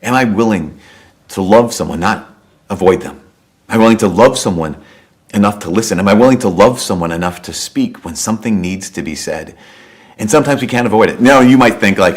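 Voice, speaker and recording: A man's voice: fairly low pitch, animated, a little fast. A man, a priest, giving a sermon in a conversational storytelling way, with repeated rhetorical questions.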